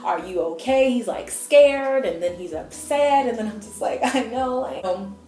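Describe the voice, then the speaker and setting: A young adult woman vlogging, telling a personal story in a chatty, animated way and acting out what people said. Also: a little high, measured pace, soft background music. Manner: chatty, animated, acts out quotes. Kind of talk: casual storytelling. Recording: echoey room.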